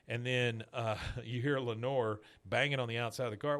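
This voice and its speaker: A man's voice: medium pitch, fairly even intonation, brisk, fairly bright tone, smooth. Man, podcast host, casual recap, chatty storytelling. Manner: chatty, quotes characters in passing.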